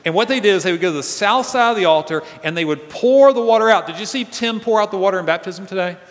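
Guy preaching in a church, kinda high voice, chatty and animated, swings loud then quiet, big echoey hall. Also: fast talker. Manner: conversational, animated, swings between loud and soft. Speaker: pastor. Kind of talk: sermon. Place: church sanctuary.

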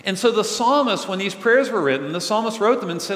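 Earnest preacher in an echoey hall. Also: male voice, high-pitched, expressive, brisk, hardly any pauses, fairly bright tone. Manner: earnest, conversational, asks the congregation questions. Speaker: pastor. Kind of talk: sermon. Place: large church hall. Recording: echoey hall with long reverb.

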